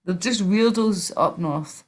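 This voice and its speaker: A woman's voice: medium pitch, slow. A woman with a Glasgow accent hosting a casual stream, chatting in a rambling way and swearing a lot. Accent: Scottish, Glasgow. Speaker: streamer host.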